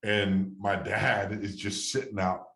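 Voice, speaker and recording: A man's voice: on the low side, flat delivery, takes it slowly, a bit bright, echoey room. A man in his thirties, a former ballplayer, telling a long story in a casual interview, rambling with fillers and restarts. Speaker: guest, former baseball catcher.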